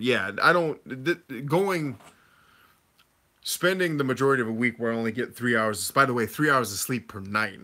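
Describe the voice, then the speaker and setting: A man hosting a casual livestream, reading viewers' comments aloud and answering them in a relaxed conversational way. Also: medium pitch. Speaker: livestream host answering chat.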